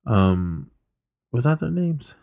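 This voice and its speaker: A man's voice: medium pitch, big pitch swings, slow pace, creaky, a little mellow, no echo, studio quality. A man co-hosting a podcast, casually retelling a film's plot in a rambling way, full of fillers and restarts. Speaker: podcast co-host. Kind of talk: casual movie recap chat.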